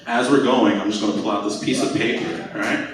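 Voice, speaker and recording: A man's voice: on the low side, steady tone, fast, background noise. A young man doing a crude, rambling stand-up set full of fillers on a comedy club stage. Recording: echoey club recording from far off.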